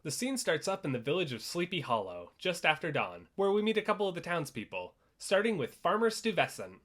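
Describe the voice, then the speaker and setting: A man's voice: fairly high pitch, a little fast. Sarcastic young man reviewing a play. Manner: sarcastic, animated commentary. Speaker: theater reviewer. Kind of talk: comedic review vlog.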